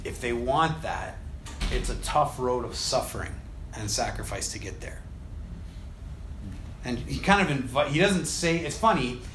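A man in a casual faith discussion who tells scripture stories with energy. He acts out the quoted lines, often laughs, and drops to a soft, low voice on the gentle points. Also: a little hiss or hum.

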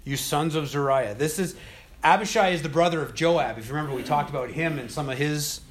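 A man teaching a casual Bible study, retelling scripture with conversational, animated storytelling. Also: fairly high pitch, quick pace.

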